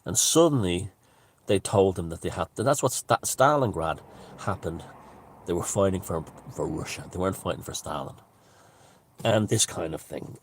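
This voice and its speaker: A man's voice: low voice, breathy edge. A man giving a casual, rambling monologue, emphatic and full of restarts and asides. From Ireland. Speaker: author and commentator.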